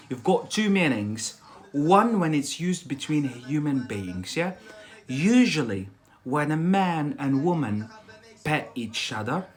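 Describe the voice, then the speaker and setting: A man teaching a live online English vocabulary lesson, explaining step by step with many fillers and restarts and checking understanding with "yeah?". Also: on the high side.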